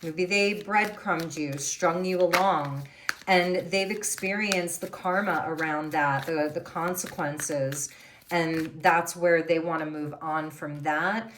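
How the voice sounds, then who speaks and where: A woman's voice: deep voice, steady tone, slow pace, noisy background. A woman doing a tarot reading, musing and thinking aloud as she turns over the cards. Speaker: tarot reader.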